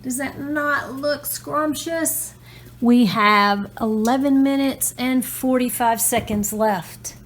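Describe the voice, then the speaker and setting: A woman's voice: high voice, slow pace. A woman hosting a casual cooking tutorial in her home kitchen, in a chatty, homey way with folksy phrasing. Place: home kitchen, food sizzling. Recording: echoey kitchen with cooking noise.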